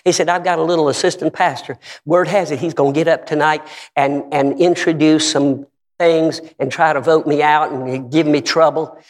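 A man preaching a sermon, telling stories with acted-out quotes and rising at times to shouts. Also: on the high side, fairly even intonation, normal speed, in a large hall. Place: church sanctuary.

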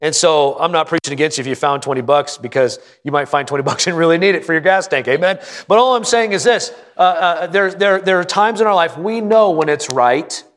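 A man preaching a sermon to his congregation in a folksy, joking way, often asking them questions and stressing key phrases slowly. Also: fairly high pitch, fairly bright tone. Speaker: pastor.

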